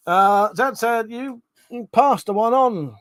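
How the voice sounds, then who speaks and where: A man's voice: very high-pitched, takes it slowly, a bit bright, no echo. A man chatting casually on a live stream, reading out chat messages and swearing freely.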